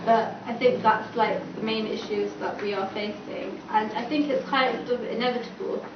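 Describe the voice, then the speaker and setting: In a distant, echoey, dull and noisy room recording, a student campaigner gives a casual panel talk at normal speed. Her voice is a little high with fairly even intonation, and she says "like" often while acting out quoted dialogue.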